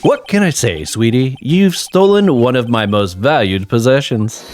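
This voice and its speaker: A man's voice: medium pitch, animated, darkish tone, faint music behind, voice pushed down, natural voice. A man putting on a flamboyant vain star magician. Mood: smug flirty. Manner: showy, drawn-out, self-admiring delivery.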